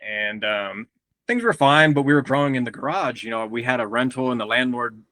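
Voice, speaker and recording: A man from Texas, a guest on a podcast, telling stories in a lively, casual way, often laughing and acting out what others said. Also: mid-range voice, a little fast, no room sound. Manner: animated, acts out quotes of others, laughs often. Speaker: guest grower and breeder.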